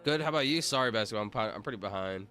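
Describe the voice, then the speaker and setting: A man's voice: lowish voice, expressive, racing, sharp tone, soft background music. A man casually chatting on a livestream, rambling and joking while reading viewer comments aloud. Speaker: streamer.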